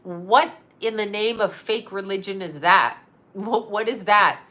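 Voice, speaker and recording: A woman's voice: medium pitch, unhurried, pushed and bright. A middle-aged woman host in a candid casual chat, frank and bawdy, laughing often as she tells stories. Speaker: psychic medium and channel host.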